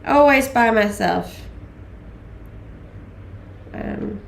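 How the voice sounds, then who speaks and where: A woman's voice: on the high side, expressive, drawn-out words, vocal fry, roomy sound. A woman in her late twenties from Denmark, with a mixed Danish and English accent, chatting casually on a live stream with many ums and laughs. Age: late 20s. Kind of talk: casual chat reading live chat.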